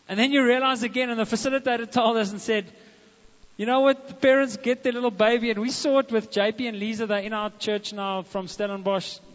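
A man preaches a sermon with a fairly high voice, turning now and then to talk directly to his congregation. The sound is dull and muffled, and his words ring out through a large, reverberant church hall. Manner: animated preaching with asides to the congregation. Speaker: pastor.

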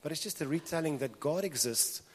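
A man's voice: on the high side, expressive, brisk, slightly rough. A man preaching a sermon to a congregation in an earnest way, repeating his phrases for emphasis. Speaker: pastor. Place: church hall. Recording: reverberant church hall.

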